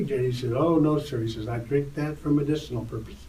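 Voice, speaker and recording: An older man tells a story with lively energy and lifts his voice for the quoted lines. He sounds set back from the mic in an echoey room. There is a faint hum of ambience behind him. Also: mid-range voice, fairly quick, far from the mic. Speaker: interview guest, tour photographer. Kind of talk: animated anecdote storytelling.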